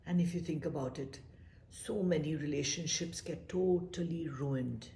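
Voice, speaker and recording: Lady with a low voice giving advice, repeats herself, gets whispery sometimes, roomy echo. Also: normal speed, vocal fry. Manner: animated, emphatic, repeats phrases, drops to soft whispers for emphasis. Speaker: speaker giving life advice. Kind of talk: casual reflective talk. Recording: echoey room.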